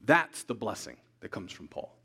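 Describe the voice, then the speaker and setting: A man preaching a sermon as pastor, emphatic, repeating key lines slowly for weight. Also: fairly low pitch, very animated, vocal fry, sharp tone, slightly rough. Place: church sanctuary.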